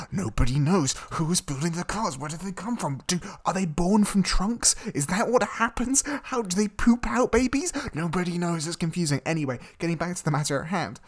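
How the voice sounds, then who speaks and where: A young man co-hosting a casual comedic podcast, recapping a film with sarcastic asides and freely swearing, his voice jumping up when incredulous. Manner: animated, mocking, swears freely, spikes high when incredulous. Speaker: podcast co-host.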